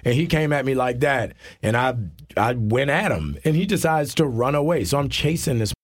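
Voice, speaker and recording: A man in his thirties, an actor guest telling stories in a casual interview, animated and full of slang. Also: medium pitch, moderate pace, no room sound. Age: 30s.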